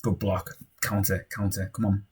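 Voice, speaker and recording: A young man offers relaxed commentary on his football management game, shouting with joy at goals and muttering when it gets tense. He has a low-pitched, flat voice with a breathy edge and speaks at a normal speed.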